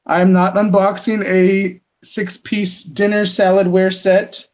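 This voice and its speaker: A man's voice: high-pitched, flat delivery, a little slow, darkish tone. A man hosting a podcast and unboxing a package live, talking casually and laughing often at himself. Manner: laughs often, self-deprecating. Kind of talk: casual chat.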